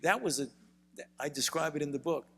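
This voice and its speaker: An older man with a Brooklyn accent, a physician telling stories in a measured way during an onstage interview. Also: on the high side, lively intonation, vocal fry, fairly bright tone, breathy edge, in a large hall. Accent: Brooklyn, New York. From United States. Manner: measured storytelling, frequent repeated words. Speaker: physician and author, interview guest. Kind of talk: onstage conversation. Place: university event hall.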